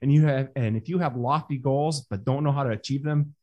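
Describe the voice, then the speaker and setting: A man's voice: medium pitch, a little fast, darkish tone, muffled recording. A Canadian man hosting a podcast, speaking in a motivational way to his listeners. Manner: motivational, addresses listeners as brothers. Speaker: podcast host. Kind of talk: podcast intro and interview.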